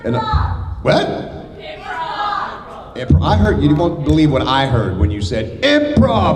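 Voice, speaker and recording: A man's voice: fairly high pitch, wildly swooping pitch, measured pace. Canadian man joking on a convention panel. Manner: rambling, impish, prone to sudden silly voices. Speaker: voice actor convention guest. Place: large convention hall with an audience. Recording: echoey hall with crowd noise.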